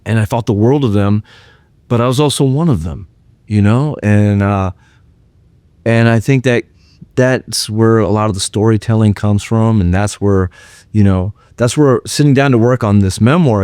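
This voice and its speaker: A man's voice: fairly low pitch, a little mellow. A man hosting his show, telling a personal story in a loose, rambling way full of fillers. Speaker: host. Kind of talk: casual storytelling.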